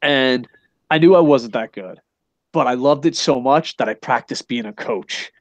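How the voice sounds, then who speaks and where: A man's voice: mid-range voice, normal speed, no room sound, lo-fi sound. A middle-aged man hosting a casual wrestling podcast, rambling and swearing with big enthusiasm and asking "you know what I mean?" again and again. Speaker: podcast host. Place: Japan.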